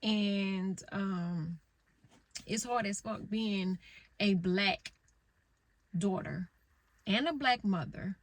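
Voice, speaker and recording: A woman's voice: mid-range voice, takes it slowly, long pauses, dry recording. A middle-aged woman vlogging from her parked car, telling stories in a blunt, rambling way and swearing freely. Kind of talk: casual candid storytelling.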